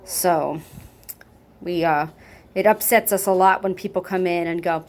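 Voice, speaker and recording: A woman's voice: on the low side, steady tone, unhurried. A woman chatting casually in an adoption video, talking up kittens and cooing baby talk to them, with cats meowing nearby at home. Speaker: cat foster and adoption volunteer.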